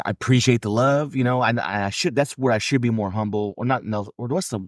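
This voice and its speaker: A man co-hosting a casual podcast, talking in a loose, rambling and cheerful way, full of fillers. His voice sits at an ordinary pitch. The sound is dry, with no room around it. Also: fast talker, no echo. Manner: rambling, upbeat, lots of fillers. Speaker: podcast co-host. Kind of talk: casual chat.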